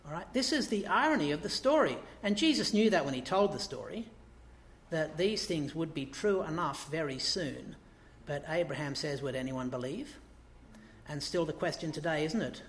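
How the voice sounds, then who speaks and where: A man's voice: fairly high pitch, animated, normal speed, reverberant, slight background noise. A man preaching a sermon in a conversational way, asking the congregation rhetorical questions and acting out quotes.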